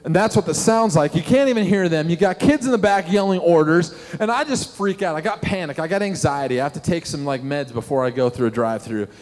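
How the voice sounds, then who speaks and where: A middle-aged man, a pastor preaching a sermon and telling animated stories with questions to the congregation. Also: a little high, quick pace, few pauses. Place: church sanctuary. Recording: long hall reverb.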